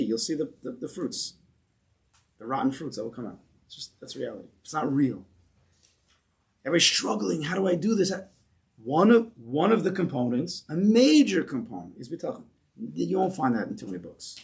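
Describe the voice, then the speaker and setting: Animated man teaching a Torah class. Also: fairly high pitch. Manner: animated, asks the class questions. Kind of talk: lecture to a class.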